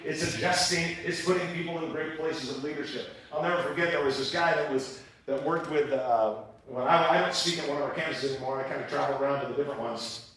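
A male pastor preaches with a bright, fairly high voice, telling stories in an animated, humorous way. His sermon echoes heavily through a large church auditorium. He sounds distant from the microphone. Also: a little hiss or hum. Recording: echoey church hall from far off.

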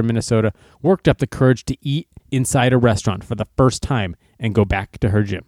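Man, sarcastic news commentary, very lively pitch, dry close sound. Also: no room sound. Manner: sarcastic, animated, shifts into mocking voices. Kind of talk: casual commentary, reading news aloud.

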